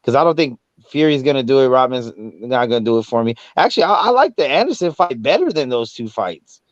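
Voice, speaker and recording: A man's voice: mid-range voice, sing-song, fairly quick, no echo. A man co-hosting a casual boxing talk show, in laid-back slangy banter. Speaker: podcast co-host. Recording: dry, dull lo-fi sound.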